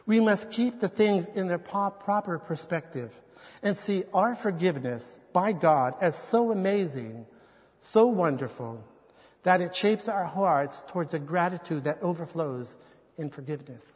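A man preaching a sermon in an earnest, measured way, slowing down when he reads quotations aloud. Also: high-pitched, lively intonation, long reverb tail, dull audio. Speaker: pastor.

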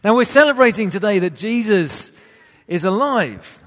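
A man's voice: sits high, expressive, moderate pace, fairly bright tone. A man leading a playful, interactive church talk for children. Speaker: church leader.

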